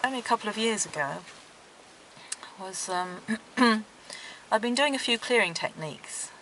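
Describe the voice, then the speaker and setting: A middle-aged woman, interviewed, recounting her dreams in a gentle, earnest way. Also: mid-range voice, expressive, normal speed, a little hiss or hum, low-quality recording. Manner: gentle, earnest storytelling with soft laughs.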